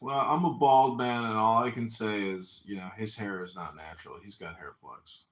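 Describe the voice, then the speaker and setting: A man who is a political candidate hosting a casual livestream, teasing his guests in a deadpan way. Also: on the low side, normal speed, reverberant. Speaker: political candidate and stream host.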